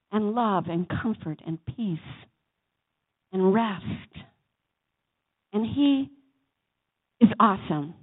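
A woman preacher delivering a sermon in a church chapel, swinging between loud exhortation and soft asides and calling on the congregation to answer. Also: medium pitch, animated, slow, pauses often, husky. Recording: tinny phone-like sound.

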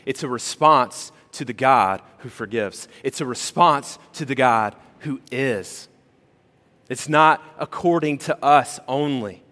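A male pastor preaching a sermon in a conversational, animated way, full of rhetorical questions. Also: mid-range voice, takes it slowly. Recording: long reverb of a large hall.

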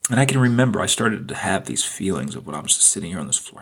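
A man's voice: deep voice, big pitch swings, fast talker, vocal fry, breathy edge. A man hosting a podcast, telling a personal story in an earnest, reflective way and repeating phrases for emphasis. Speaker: podcast host.

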